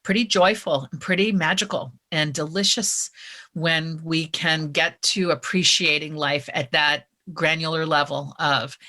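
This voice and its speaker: A woman's voice: deep voice, fairly even intonation, unhurried, bright, forceful tone. A woman author, a guest on a podcast, speaking in an earnest, frank and reflective way. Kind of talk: casual interview chat.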